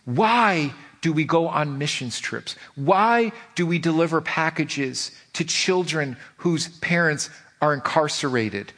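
A man preaching a sermon to his church, animated and emphatic, firing off rhetorical questions. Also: fairly high pitch. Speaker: pastor.

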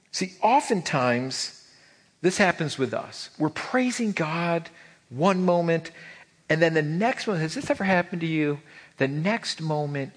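A man preaching a sermon as pastor, animated and calling out questions to the congregation. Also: fairly high pitch. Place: church sanctuary. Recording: reverberant church hall.

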